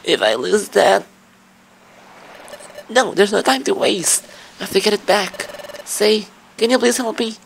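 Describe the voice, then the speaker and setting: A man's voice: high-pitched, lively intonation, a little slow, vocal fry, long pauses, a little hiss or hum, pitched above the performer's own voice, heavily acted, low-quality recording. A man voicing an anxious young male fox hero in a video game, worried and pleading.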